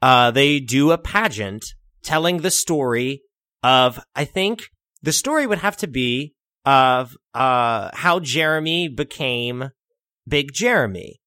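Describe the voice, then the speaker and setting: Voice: medium pitch, animated, slow, bright, forceful tone, no room sound, studio quality. A podcast co-host riffing through improvised comedic worldbuilding, swearing freely and slipping into voices. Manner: profane, riffing, puts on voices.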